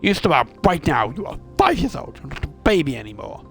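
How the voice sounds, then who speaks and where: A man voicing a furious, snobbish middle-aged mother scolding her child in a shrill, indignant tone. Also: moderate pace, faint music behind, natural voice.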